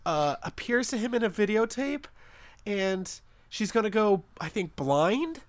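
A man's voice: sits high, very animated, measured pace, no echo. A young man hosting a podcast, rambling and sarcastic with casual swearing. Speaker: podcast host. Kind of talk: casual chat.

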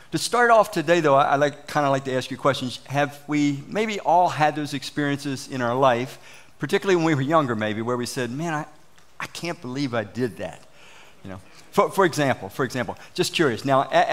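A man's voice: medium pitch, a bit bright. A middle-aged man preaching a sermon to his church in a conversational way, asking the congregation questions and chuckling at his own stories. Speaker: pastor. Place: church sanctuary.

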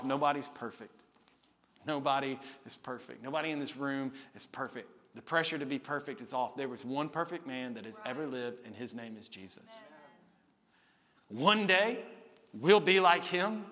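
A male pastor preaching a sermon in a church sanctuary, swinging from loud calls to quiet, close asides. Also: a little high. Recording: long reverb of a church hall.

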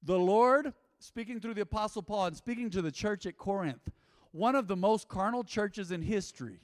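A middle-aged man preaching a sermon as pastor, lively and humorous, with acted-out quotes. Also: high voice, moderate pace. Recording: echoey hall with long reverb.

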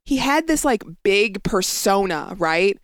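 A woman's voice: mid-range voice, big pitch swings, slow pace, dry recording, studio quality. A woman co-hosting a casual chat show, blunt and opinionated. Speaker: podcast co-host.

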